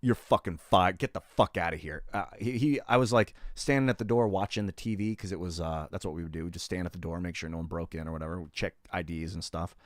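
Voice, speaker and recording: A man's voice: deep voice, fast, hardly any pauses, no room sound, studio quality. A middle-aged man streaming live and telling stories from his life in a loose, rambling way, with lots of fillers and swearing. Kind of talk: casual storytelling on a live stream.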